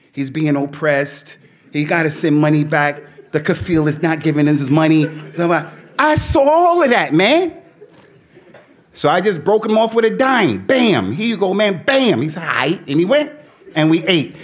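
A middle-aged man preaches in a fairly high, animated voice. He talks to youth in casual street slang and sprinkles in Arabic phrases. He acts out his own side of the stories as he tells them. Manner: animated storytelling, quoting himself. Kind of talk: talk to a youth audience.

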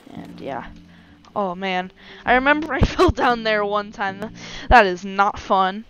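Slow-talking woman narrating her gameplay. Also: medium pitch, a bit bright, highs cut off, slight background noise. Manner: self-mocking, frequent exclamations and sighs. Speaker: gameplay commentator. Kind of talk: casual gameplay commentary.

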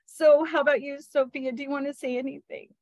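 A woman's voice: high-pitched, steady tone, brisk, no room sound, low-quality recording. Affectionate woman hosting a video call. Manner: gentle, affectionate, sprinkles in tag questions and soft laughs. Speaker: spiritual session host. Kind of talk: casual group video call talk.

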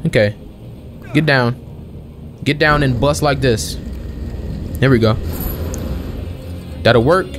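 A young man giving casual let's-play commentary as a gaming channel host, chatting and questioning the game out loud. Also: medium pitch, slow, pauses often, noisy background. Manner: chatty, questions the game aloud, calls everyone bro.

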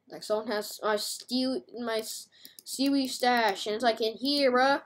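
A woman's voice: a little high, moderate pace, a bit bright. A woman giving casual, playful, chatty commentary while playing a video game, full of slang. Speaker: game streamer.

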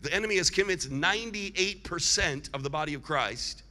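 Evangelist preacher, male, piercing bright tone, call-and-response sermon, long church-hall reverb. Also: fairly high pitch, expressive. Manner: preaching with call-and-response and emphatic drawn-out declarations.

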